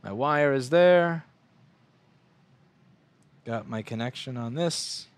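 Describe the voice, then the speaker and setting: A man's voice: medium pitch, takes it slowly, slight background noise. A man in his twenties from the United States, ranting profanely and rambling while working at a repair bench. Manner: profane, rambling, animated rants with mocking put-on voices. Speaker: repair shop owner streaming bench work. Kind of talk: casual ranting livestream.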